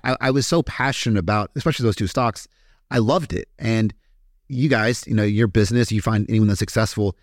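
A man with a Kentucky accent tells his own story as a podcast guest, candid and blunt, with frequent swearing and fillers. His voice sits fairly low. The recording is dry and close, with no room sound. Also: darkish tone, no echo. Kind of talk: casual storytelling interview.

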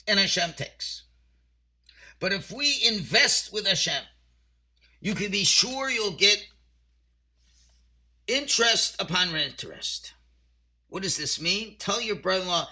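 A rabbi giving an emphatic, story-driven weekly Torah portion talk, mixing in Hebrew and Yiddish terms and swinging between quiet and loud passages. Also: male voice, high-pitched, lively intonation, a little slow, long pauses.

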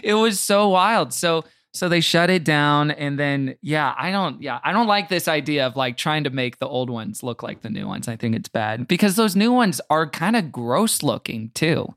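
A man's voice: fairly high pitch, animated, normal speed, few pauses, fairly bright tone, no room sound, clean studio sound. Joking man guest on a podcast. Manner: joking, emphatic riffs. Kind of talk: casual chat.

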